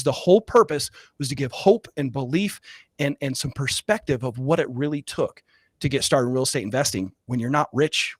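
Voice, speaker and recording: A man's voice: mid-range voice, no room sound. A man guest in an interview, earnestly telling a personal story with many fillers and growing emotion. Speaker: guest, real estate investor.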